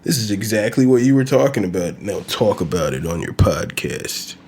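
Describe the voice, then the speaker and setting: A man with a fairly low voice hosts his own podcast and talks off the cuff. He rambles and swears freely. A faint hum sits behind him. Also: lively intonation, moderate pace, a little mellow. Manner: loose, profane, rambling with laughs. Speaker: podcast host. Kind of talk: casual solo podcast rant.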